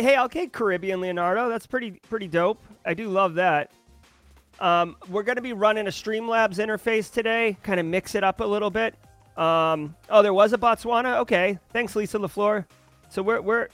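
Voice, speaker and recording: A man hosting a live stream, chatting casually and upbeat as he greets his viewers. His voice sits fairly high for a man. The sound is dry and close to the mic, with faint music playing behind him. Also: fairly bright tone, dry recording. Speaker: livestream host. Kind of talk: casual livestream chat.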